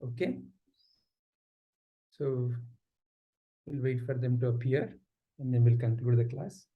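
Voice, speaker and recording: A man teaching an online class, telling a story in a lively, conversational way over a video call. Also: mid-range voice, slow, phone-quality sound.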